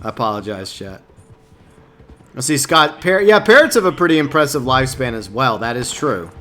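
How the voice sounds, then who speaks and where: A man's voice: mid-range voice, big pitch swings, normal speed, a bit bright, soft background music. A man streaming a video game from home, chatting casually with viewers and often stumbling over his words in a self-mocking way. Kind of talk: casual chat with viewers while gaming. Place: home streaming setup, Louisiana.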